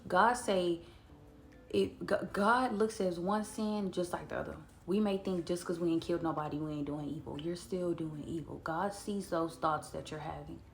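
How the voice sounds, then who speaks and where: Gravelly woman giving a casual Bible talk. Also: lowish voice, faint music behind. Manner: chatty and earnest, slows down to read scripture aloud. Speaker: Bible study vlogger. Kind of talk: casual devotional talk to camera.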